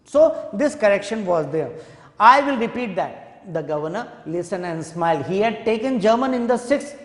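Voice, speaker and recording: A male teacher with an Indian English accent reads a textbook chapter aloud and explains it, slowly repeating key points for his students. His voice is high and animated, echoing in a hall with long reverb.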